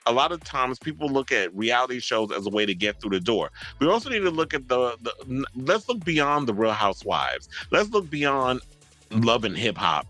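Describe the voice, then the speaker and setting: A man hosting a casual commentary show, talking in a chatty, profane and animated way. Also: medium pitch. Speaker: host.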